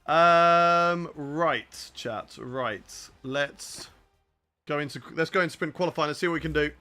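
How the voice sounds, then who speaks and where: An upbeat man with a southern English accent who streams a racing game live. His voice sits a bit high and sounds bright and forceful as he jokes around and keeps talking to his viewers. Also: unhurried, faint music behind. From southern England. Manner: energetic, jokey, chats to viewers. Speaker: gaming streamer. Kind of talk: live gameplay commentary chatting with viewers.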